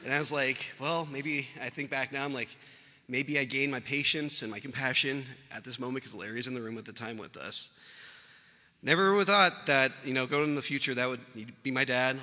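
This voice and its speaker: Bright-voiced man giving a eulogy. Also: mid-range voice, steady tone, a little fast, in a large hall. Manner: rambling, anecdotal, with chuckles. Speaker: family member giving a eulogy. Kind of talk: funeral eulogy storytelling. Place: funeral venue hall.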